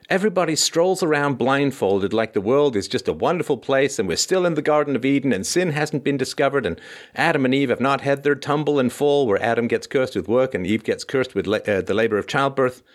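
Animated, sarcastic male livestream host. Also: mid-range voice. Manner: sarcastic, theatrical, emphatic. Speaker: host and philosopher. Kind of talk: livestream commentary monologue.

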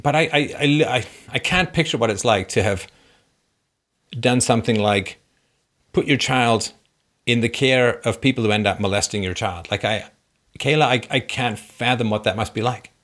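A man hosting a call-in advice show, talking forcefully and repeating his points for emphasis. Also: mid-range voice, moderate pace.

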